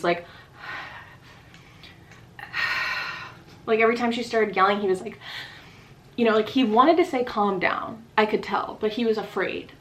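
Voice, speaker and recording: A woman vlogger recounting a personal story at a quick, chatty pace, peppering it with "like." Her voice sits at a mid pitch. A faint noise hums in the background. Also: rough recording. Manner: rapid, full of "like" fillers. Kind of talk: casual storytime chat.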